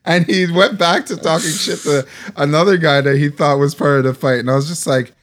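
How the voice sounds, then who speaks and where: Dude telling fight stories in sports chat, swears, laughs along. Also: male voice, on the high side, steady tone, fairly quick, a bit bright, a little hiss or hum. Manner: storytelling, profane, laughs along.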